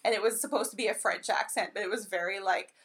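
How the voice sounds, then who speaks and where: A woman's voice: medium pitch, steady tone, fast, a bit bright. A woman co-hosting a movie podcast, chatty, laughing often as she recaps scenes and agrees with her co-host. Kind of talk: casual chat recapping a movie.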